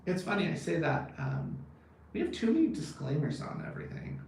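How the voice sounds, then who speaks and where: A man's voice: on the high side, wildly swooping pitch, fairly quick, a little mellow. A man in his thirties chatting casually as a vlogger, blunt and profane, rambling and laughing often. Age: 30s. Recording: very echoey, distant from the mic, faint background noise.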